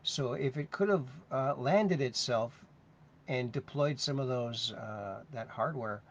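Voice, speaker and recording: A man's voice: mid-range voice, unhurried. A man hosting a casual livestream, chatting and reading viewer comments aloud in a sing-song voice. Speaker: host. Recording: dull lo-fi sound with faint noise.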